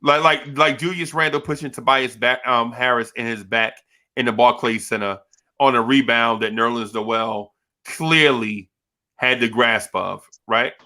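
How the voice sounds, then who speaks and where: A man from Jersey City hosting a casual sports podcast, animated and slangy, piling up quick restarts as he talks. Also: medium pitch. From Jersey City, New Jersey. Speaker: podcast host.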